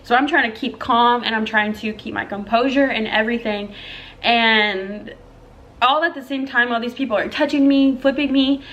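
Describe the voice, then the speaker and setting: A woman's voice: on the high side, normal speed, fairly bright tone, dull audio. A young woman vlogger telling her own story in a chatty, emotional way, talking straight to her viewers. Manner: chatty, emotional, addresses viewers as girl and y'all. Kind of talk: casual storytelling to camera.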